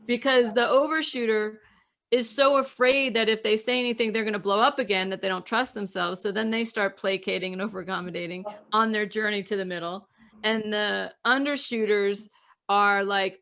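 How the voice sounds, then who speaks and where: Woman podcast host and coach, mid-pitched, thoughtful, lets phrases fade out. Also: fairly even intonation, moderate pace, a bit bright. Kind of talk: casual podcast conversation.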